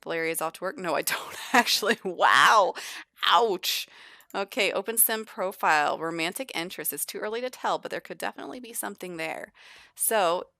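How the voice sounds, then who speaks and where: A young woman narrates her life-sim game in a relaxed, chatty way, voicing the characters' lines in quick asides. Her voice sits a little low but rings bright and forward, and the recording is close and dry, with no room sound. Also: vocal fry, no echo. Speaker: gameplay narrator. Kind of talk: casual let's-play narration.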